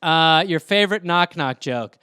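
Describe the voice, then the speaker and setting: A man's voice: fairly high pitch, lively intonation, a little slow, bright, forceful tone, clear, resonant tone, dry recording, studio quality. A man hosting a comedy podcast, riffing playfully and profanely while hopping between mock accents. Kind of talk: comic riffing with put-on accents.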